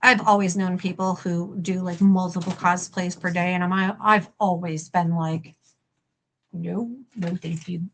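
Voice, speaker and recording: A woman's voice: on the low side, level tone, moderate pace, few pauses, fairly bright tone, slight background noise. A woman hosting a crafting livestream, chatting casually and self-deprecatingly while she works on a costume. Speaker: livestream host and prop maker.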